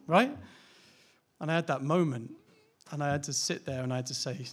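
A man's voice: a little high, normal speed, breathy edge. A man, a pastor, preaching a sermon in a candid, conversational way, asking rhetorical questions and laughing lightly now and then.

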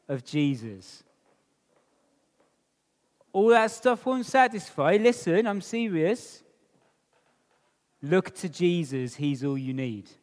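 A preacher delivers a sermon in a chatty, animated style, firing rhetorical questions at his listeners. His high voice swings widely in pitch, and he speaks unhurriedly while a long hall reverb trails every phrase.

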